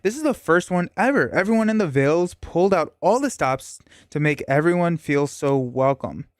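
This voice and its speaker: An eager, welcoming young island man, bubbling with excitement and hurrying his words, voiced by a man reading a board game's story. The voice sits a little high and the sound is close and dry. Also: normal speed, dry recording, natural voice.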